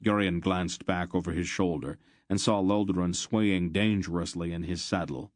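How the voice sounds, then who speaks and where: Deep-voiced male audiobook narrator. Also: steady tone, moderate pace, no echo, clean studio sound.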